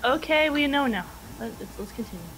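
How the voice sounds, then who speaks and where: A woman co-hosting a casual gaming livestream, reading out chat questions in a relaxed way. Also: sits high, brisk, faint music behind, low-quality recording. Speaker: livestream co-host.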